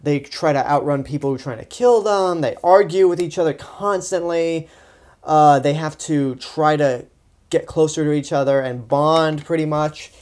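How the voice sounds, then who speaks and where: A man's voice: on the high side, normal speed, darkish tone. A young man giving a casual, sarcastic movie review, sounding exasperated and rambling with frequent restarts. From Texas. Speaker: film reviewer.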